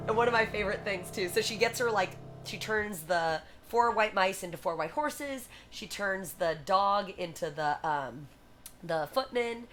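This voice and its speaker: A woman hosting a livestream, chatty and animated as she retells a story to her viewers. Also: medium pitch, a little slow, soft background music. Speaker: livestream host. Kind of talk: casual retelling and performing for a live chat.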